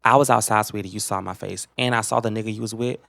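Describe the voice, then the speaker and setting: A young man co-hosting a casual podcast, talking in sassy, dramatic rants that flare up loud. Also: fairly low pitch, steady tone, fast, vocal fry. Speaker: podcast co-host.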